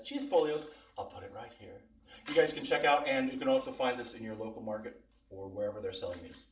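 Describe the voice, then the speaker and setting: A man's voice: medium pitch, quick pace. A man hosting a casual food taste-test vlog, chatting to viewers and talking with his mouth full as he eats. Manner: chatty, talks with mouth full while eating. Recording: echoey room, mic at a distance.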